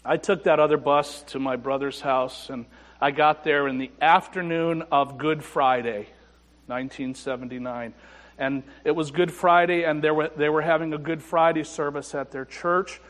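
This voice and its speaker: A man preaching a testimony sermon, his voice sitting slightly high for a man. He drops to quiet, hushed stretches and then lifts into emphatic lines. The sound carries the long reverb of a church sanctuary. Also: steady tone, normal speed. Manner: personal testimony, shifts between quiet and emphatic. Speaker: pastor. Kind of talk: sermon storytelling.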